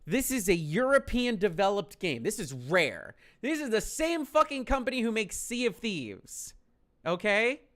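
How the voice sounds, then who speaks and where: Male streamer telling a story in an exasperated, profane way; wide pitch swings, slow delivery. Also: big pitch swings, fairly bright tone.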